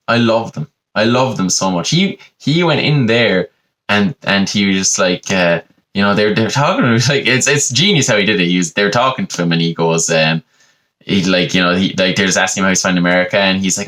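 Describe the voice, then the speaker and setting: A man's voice: sits low, fairly quick, a bit bright. A man with an Irish accent hosting a podcast, telling a digressive comic monologue full of "you know" asides. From Ireland. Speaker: podcast host.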